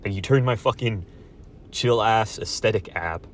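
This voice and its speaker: A young man delivering a profane, angry ranting monologue to his viewers, with sarcastic loud outbursts and muttered asides. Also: lowish voice, moderate pace, a little hiss or hum.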